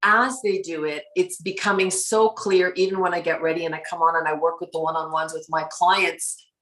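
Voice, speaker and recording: Low-voiced woman, animated storyteller, roomy echo. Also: fairly quick. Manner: animated storyteller, acts out quoted exchanges, laughs often. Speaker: spiritual guide and guest. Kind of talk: casual conversation.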